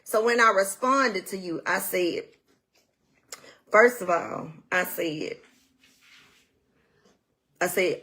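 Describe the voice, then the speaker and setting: A woman's voice: mid-range voice, slow pace, pauses often, a bit bright. A woman giving a blunt, indignant account of a family dispute, retelling it emphatically and repeating what she said. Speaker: widow telling her side of a family dispute. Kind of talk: direct-to-camera talk.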